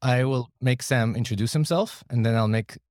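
A man co-hosts a podcast with an easy, playful way of talking and a medium pitch. The recording is close and dry. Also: normal speed, darkish tone, dry recording. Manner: playful sports banter. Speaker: podcast co-host. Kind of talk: casual podcast conversation.

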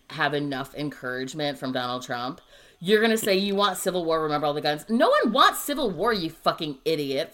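A woman co-hosting a casual podcast, ranting with heavy swearing and bursts of laughter. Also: fairly low pitch. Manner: profane, animated ranting. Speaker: podcast co-host.

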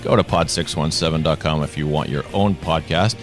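A man's voice: rumbling low, brisk, soft background music. A man with a Boston accent hosting a podcast, chatting in a jokey, rambling way with many restarts. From Boston area. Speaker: podcast host. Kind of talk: casual chat.

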